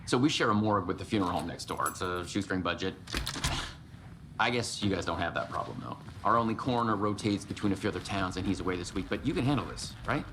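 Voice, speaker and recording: A man's voice: low voice, fast talker, fairly bright tone, distant mic, a little hiss or hum. An actor playing an easygoing small-town male sheriff with a folksy, joking manner. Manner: laid-back, folksy, joking.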